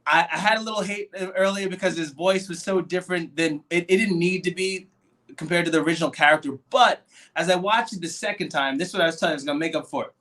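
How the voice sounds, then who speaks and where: A man co-hosting a casual movie discussion podcast, animated and acting out quoted voices as he talks. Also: sits high, fast talker. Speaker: podcast co-host.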